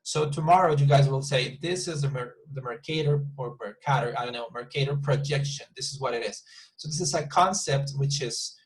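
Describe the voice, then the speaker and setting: A man's voice: mid-range voice, a little fast, low-quality recording. Patient male teacher. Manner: patient, repeats and restarts words while explaining. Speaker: English teacher. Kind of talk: online class instruction.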